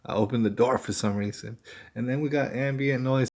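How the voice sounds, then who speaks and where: A man's voice: medium pitch, steady tone, fairly quick, a little mellow. A man hosting a casual livestream from home, rambling conversationally and calling his viewers "y'all.". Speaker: livestream host.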